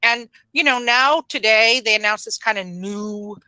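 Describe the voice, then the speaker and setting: A woman's voice: a little high, measured pace, pushed and bright, a little hiss or hum, low-quality recording. A woman chatting on a podcast in a rambling way, full of fillers and restarts. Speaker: podcast guest. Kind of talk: casual podcast chat.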